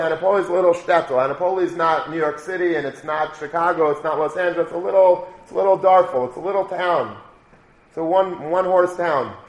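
High-voiced man preaching through stories. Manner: repetitive, builds to emphatic declarations. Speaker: religious speaker. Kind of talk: storytelling sermon. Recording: echoey room.

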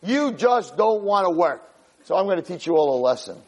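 A man's voice: high voice, very animated, moderate pace, breathy edge, big-room sound, full character voice. A man voicing Pharaoh as a scornful, scolding king during a sermon. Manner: taunting, scolding. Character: scornful ancient male Egyptian king, harsh taskmaster.

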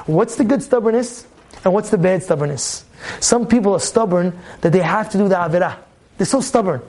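Man, very high-pitched voice, rabbi, Torah sermon, emphatic, repeats himself, rhetorical questions. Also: a little fast. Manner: switches between loud outbursts and low asides.

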